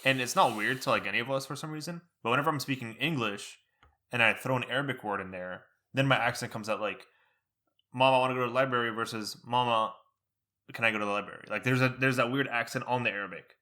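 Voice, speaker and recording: A young man co-hosting a podcast, telling stories in casual chat and laughing between asides. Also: medium pitch. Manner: laughing, animated storytelling with quick asides. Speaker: podcast co-host.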